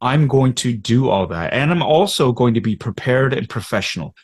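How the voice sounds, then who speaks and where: This medium-pitched voice, at a normal speed with a breathy edge, comes from a Canadian actor in his fifties guesting on a podcast. He chats candidly about his career, lively as he acts out voices and his own thoughts.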